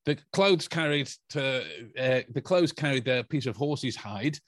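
A man's voice: medium pitch, expressive, unhurried, dry recording, studio quality. A man hosting a podcast, telling a story in a casual, joking way with lots of stumbling restarts. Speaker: podcast host. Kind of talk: casual chat.

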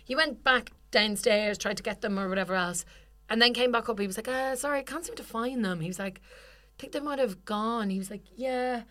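A young woman with a bright, clear voice tells a story on a chatty podcast. She talks in a loose, animated way, swears freely, and slips into the voices of the people she quotes. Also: medium pitch, brisk. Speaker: podcast co-host. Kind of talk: casual storytelling chat.

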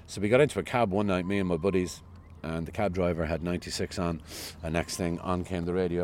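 Low-voiced Cork Irish newsreader chatting. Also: male voice, steady tone, fast, hardly any pauses, darkish tone, slight background noise. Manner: chatty, self-deprecating, storytelling. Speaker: radio newsreader, guest. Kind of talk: casual interview chat.

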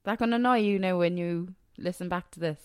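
A woman co-hosting a casual podcast at home, quick with comebacks and quick to laugh. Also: fairly low pitch, a little mellow, clean tone, no room sound, studio quality. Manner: laughs easily, sparky comebacks. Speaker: podcast co-host. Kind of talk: casual chat.

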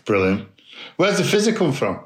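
A man co-hosting a podcast throws in short, joking interjections. His pitch swings widely, and his voice sits a little high. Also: big pitch swings, normal speed. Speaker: podcast co-host.

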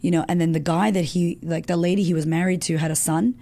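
Frank woman with a dark gravelly voice. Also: on the low side, fairly even intonation, fast talker. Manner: frank and emotional, swears freely. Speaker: guest. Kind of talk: candid personal storytelling.

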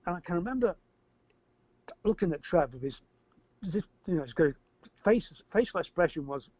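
An older man tells a story as an interview guest, rambling, repeating words and getting animated when he acts out shouting. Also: a little high, a little fast, dry recording. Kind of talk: casual storytelling. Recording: dry, slightly muffled audio.

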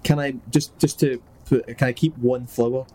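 A man's voice: medium pitch, steady tone, normal speed, warm tone, a little hiss or hum. A man, chatting playfully as a tabletop player. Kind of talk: casual tabletop game chat.

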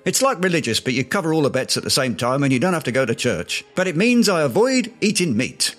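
Man doing a self-important pompous Briton, lively swooping voice, slightly high, comedy audio play. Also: fast, soft background music. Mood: indignant. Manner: pompous, indignant, lively pitch swings.

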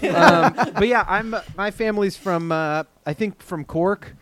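An American man in casual podcast chat, talking haltingly with many restarts and fillers. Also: sits high, a loud crowd.

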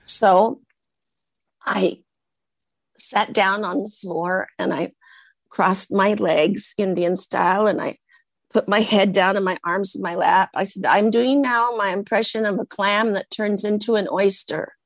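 A woman's voice: medium pitch, a little slow, no echo, poor audio. A woman over sixty from the United States, a guest actress telling stories in an interview and acting out the voices of the people she quotes. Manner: animated, acts out quoted voices in her stories. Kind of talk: conversational storytelling in an interview.

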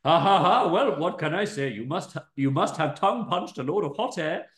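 A man voicing a brash, crude young man who keeps cracking jokes, in a loud, laughing delivery. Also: on the high side, animated, moderate pace, roomy sound, pitched above the performer's own voice, close to an everyday voice. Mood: crude joking.

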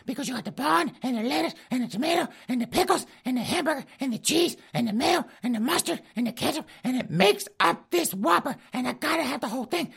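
A man voicing a cranky, easily enraged old woman in a shrieking falsetto, with a whiny, yelling manner. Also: creaky, exaggerated voice. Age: over 60. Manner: whiny, yells insults. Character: cranky shrill old woman, quick to rage.

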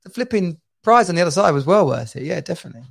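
Co-hosting a casual podcast chat, a man in his 40s from England races through animated stories, laughing a lot along the way. He speaks very fast in a fairly high voice with vocal fry.

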